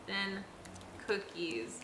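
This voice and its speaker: A woman's voice: mid-range voice, lively intonation, very slow, reverberant, noisy background. A young woman streaming a game live, chatting with viewers and sounding exasperated.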